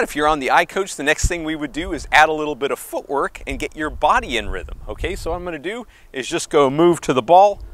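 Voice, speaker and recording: A tennis coach talks viewers through forehand drills on an outdoor court. His voice sits in an ordinary middle register, and he counts beats out loud while he swings. His tone stays upbeat and encouraging, and he gets a little winded as he moves to the ball. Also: mid-range voice. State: slightly out of breath. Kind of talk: instructional on-court demonstration.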